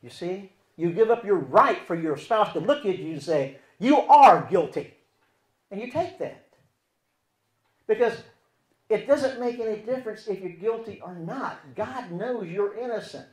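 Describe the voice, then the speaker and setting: A man preaching in a fairly high voice that swings widely in pitch, pressing hard on key points and then dropping to near-murmurs. He keeps putting rhetorical questions to his listeners. The sound carries a roomy echo. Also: lively intonation, normal speed. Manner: swings between loud emphatic stretches and quiet near-murmured asides. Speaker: Christian relationship teacher. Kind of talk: sermon-style teaching. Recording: echoey room.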